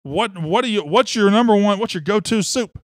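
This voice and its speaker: A man's voice: high voice, lively intonation, a little fast, no echo, studio quality. A man hosting sports talk radio, fired up and opinionated, rambling from one take to the next.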